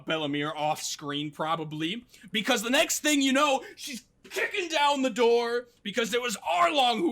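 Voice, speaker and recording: A young man hosting a podcast, recapping an anime story in a casual, animated way, briefly acting out characters and swearing. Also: a little high.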